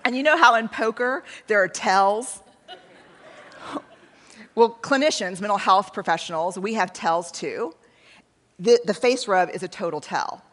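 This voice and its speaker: A woman's voice: mid-range voice, unhurried, pauses often, fairly bright tone. Woman in her forties telling a story. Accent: Texan. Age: 40s. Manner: conversational, self-deprecating, acts out dialogue. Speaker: researcher and speaker. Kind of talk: storytelling keynote talk. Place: large hall on stage. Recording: reverberant hall.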